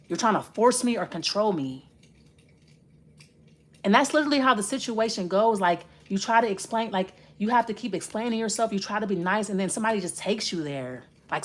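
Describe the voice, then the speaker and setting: A woman giving a casual spoken tarot reading, blunt and profane, rambling and restarting as she talks straight to the listener. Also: medium pitch. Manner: rambling, with many restarts while reading cards. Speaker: tarot reader.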